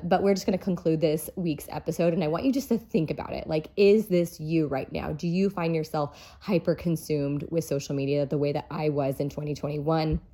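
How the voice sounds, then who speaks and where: A woman's voice: deep voice, steady tone, fairly quick, few pauses, warm tone. Young female podcast host, casual solo monologue, earnest and chatty. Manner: chatty, earnest, fillers like "like" and "literally".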